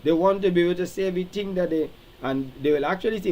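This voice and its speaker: A man hosting a live-stream talk, animated and preacherly, reading out viewer comments and acting out quoted speech. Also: high-pitched, fast, a little hiss or hum, rough recording. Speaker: show host.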